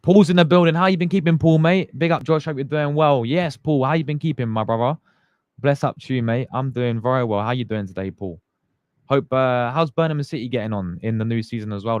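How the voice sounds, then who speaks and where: Young dude on a live stream, chatty and slangy, dry close mic. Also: male voice, on the low side, clear, resonant tone, no room sound, highs cut off. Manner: chatty, greets viewers by name, slangy. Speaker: fan channel host. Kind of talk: casual live stream chat.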